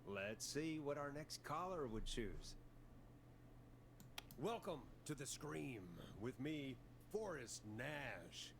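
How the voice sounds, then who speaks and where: A steady late-night radio host. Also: male voice, medium pitch, slight background noise. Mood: calm. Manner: calm, measured on-air delivery.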